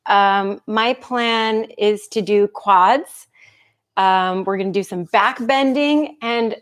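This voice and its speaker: A woman's voice: medium pitch, slow. A woman instructor chatting casually with viewers before a live movement class, laughing often and greeting people by name. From United States.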